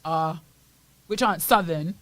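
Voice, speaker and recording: A Bahamian woman co-hosting a morning radio show in casual chat, playful and wordy with quick asides. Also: fairly low pitch, dry recording. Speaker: radio co-host. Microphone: studio microphone.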